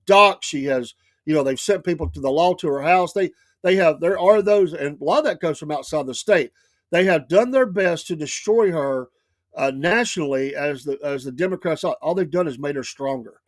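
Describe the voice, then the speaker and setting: A man with a fairly high voice delivers emphatic opinion on a talk show. He repeats himself, restarts phrases and leans on "I'm gonna tell you." The sound is dry and close to the mic. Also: no room sound. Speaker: radio talk show host. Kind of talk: opinionated political commentary.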